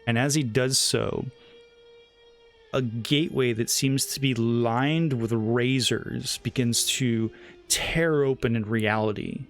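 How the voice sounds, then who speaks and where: A man narrating a tabletop game as game master, setting scenes in a slow, measured way. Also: mid-range voice, steady tone. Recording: home mic with faint background music.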